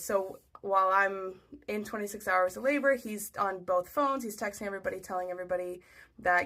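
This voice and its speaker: A woman's voice: mid-range voice, steady tone, fairly quick, fairly bright tone. A young adult woman telling a story in a chatty, casual way, full of "like" and acting out what people said. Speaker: storyteller on social video.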